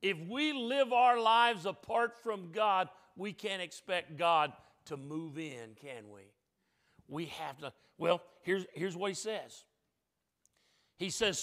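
High, bright-voiced man preaching a sermon. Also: slow. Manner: emphatic, swings between loud declarations and soft asides; folksy, joking asides to the congregation. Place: church sanctuary.

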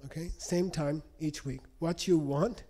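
A man's voice: fairly high pitch, steady tone, measured pace, dark tone. A man giving a live lecture to an audience, teaching in a conversational way and checking in often with "okay?". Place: lecture room.

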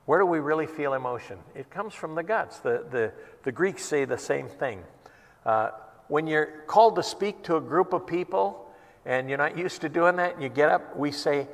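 A man preaching a sermon as a pastor, earnest and emphatic, dropping to a hush and acting out quotes with feeling. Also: on the high side. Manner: earnest, swings between hushed and emphatic, acts out quotes. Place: church hall. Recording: long reverb of a church hall.

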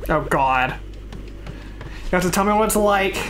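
A woman's voice: mid-range voice, animated, a little slow, a little hiss or hum. A young woman playing a co-op game with a friend, chatting casually, joking and laughing often. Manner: jokey, voices characters mockingly, laughs often. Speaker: gaming YouTuber. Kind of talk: casual gameplay chat. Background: game music.

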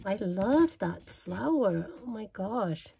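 A woman's voice: medium pitch, lively intonation, takes it slowly, creaky, dark tone, slight background noise. A woman vlogger showing off her craft paper haul in a chatty, gushing way, correcting herself as she goes. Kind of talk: casual show-and-tell.

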